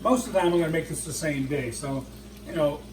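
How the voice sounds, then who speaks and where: An older man with a somewhat high voice talks cheerfully to viewers while cooking in his home kitchen. A sizzling pan crackles clearly behind his words. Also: fast talker, darkish tone. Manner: chatty and enthusiastic, talks straight to viewers. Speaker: home cooking show host. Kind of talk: casual cooking demonstration. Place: home kitchen, frying food. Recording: sizzling frying noise behind. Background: sizzling pan and kitchen sounds.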